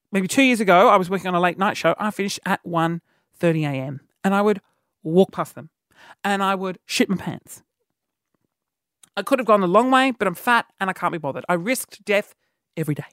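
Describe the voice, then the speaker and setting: A man tells a comedic story in a rambling, animated way, full of fillers and asides. He records in a studio, and the sound is close and dry with no room echo. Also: high voice, moderate pace, pauses often. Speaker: podcast host. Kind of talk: comedic monologue.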